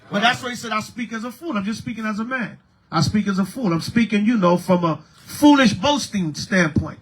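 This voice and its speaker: Male priest, high bright husky voice, animated street-style sermon. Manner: animated, preaching with call-and-response.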